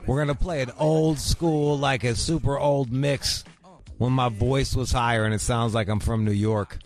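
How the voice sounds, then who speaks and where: A man hosts a radio show in a crude, brash, rambling way. His voice sits at an ordinary middle pitch and he talks on a studio mic. Faint music plays underneath. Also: steady tone, normal speed, a little mellow. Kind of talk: casual uncensored radio chat.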